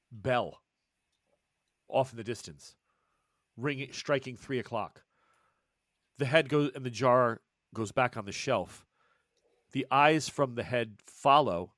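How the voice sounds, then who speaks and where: Man, game master, mid-pitched, dry close sound, slow hushed narration. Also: no echo. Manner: slow, hushed scene description. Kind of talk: narrating a tabletop horror game.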